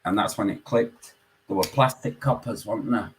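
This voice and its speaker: A man with a Yorkshire accent, calling in and telling a story in casual chat, swearing constantly and animated. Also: on the low side, moderate pace, slight background noise, poor audio. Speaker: caller.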